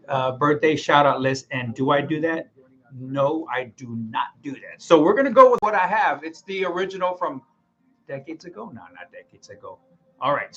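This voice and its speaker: A middle-aged man with a drawl runs a work huddle, chatty and folksy, stumbling and correcting himself as he goes. His voice sits a little high, and the recording is muffled, with faint music behind him. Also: fairly bright tone. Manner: folksy, upbeat, rambling with self-corrections. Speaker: radiology department manager. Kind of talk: team huddle announcements.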